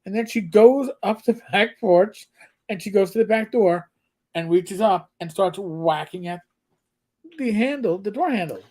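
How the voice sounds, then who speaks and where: A man co-hosting a casual livestream chat, an animated storyteller who often restarts his sentences and reads viewer comments aloud. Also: high-pitched, measured pace. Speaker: livestream co-host.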